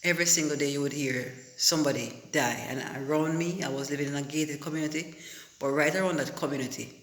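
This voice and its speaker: A man's voice: on the high side, quick pace, reverberant. A Jamaican man talking casually to viewers as a vlogger, calling them guys and peppering his story with "you know". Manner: animated, addresses viewers as guys, many you-knows.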